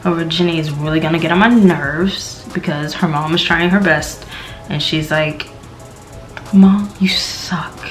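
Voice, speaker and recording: A woman's voice: steady tone, faint music behind, low-quality recording. A young woman from the American South with a light Southern accent, casually reviewing a TV episode in a rambling way with many fillers. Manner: rambling, filler-heavy, slow and low-key. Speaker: TV show reviewer.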